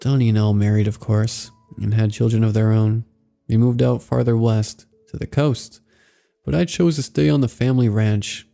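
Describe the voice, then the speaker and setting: A man narrates a horror story in a measured, somber manner. His voice is low and gravelly, with a very dark, mellow tone, and soft music plays faintly behind him. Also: fairly even intonation.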